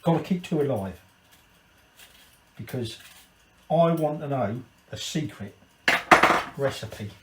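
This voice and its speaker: A man's voice: mid-range voice, lively intonation, slow, pauses often. A man voicing a ruthless ancient king who demands a secret recipe, in a blunt, commanding way. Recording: echoey room, distant mic, faint kitchen noise.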